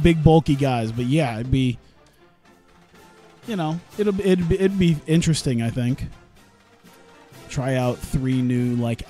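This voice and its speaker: A gaming streamer casually comments on his own gameplay in a dark-toned, mid-range voice. He rambles, cuts himself off, and laughs at his own jokes.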